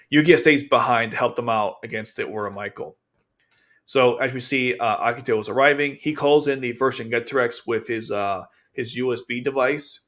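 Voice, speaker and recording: A man's voice: mid-range voice, a bit bright. A man hosting his own channel, recapping and commenting on an anime episode in a loose, rambling way with many fillers and restarts. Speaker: anime reviewer and channel host. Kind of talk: casual episode commentary over video.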